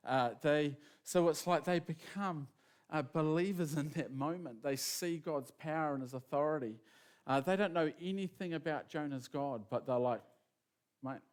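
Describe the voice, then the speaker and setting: A man preaching a sermon in a casual, animated storytelling manner, acting out quotes as he goes. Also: on the high side, clean tone.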